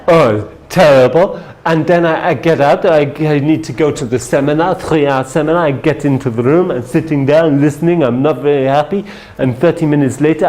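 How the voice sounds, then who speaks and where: A man's voice: fairly high pitch, a little mellow, natural voice. A man voicing a fed-up, unlucky businessman who complains in broken English during a stage talk. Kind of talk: acted quote in a stage talk.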